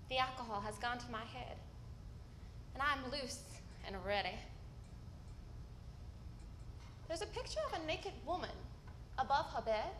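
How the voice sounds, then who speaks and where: A woman acting a stage monologue as a candid, wry woman recalling her teenage self, telling the story with vivid swings from hushed to loud. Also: high voice, background noise. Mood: hushed tender. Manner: storytelling with vivid shifts in loudness. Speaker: stage actor. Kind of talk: live theatrical monologue. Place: theater stage.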